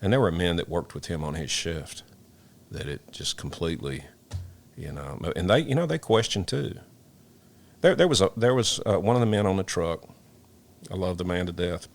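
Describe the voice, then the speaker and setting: This is an older man, a retired firefighter looking back in a sit-down interview. His voice sits very low with a rough, gravelly edge. He talks in halting bursts, repeating and restarting words as emotion breaks through. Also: a little hiss or hum. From Memphis, Tennessee, US. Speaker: retired fire lieutenant.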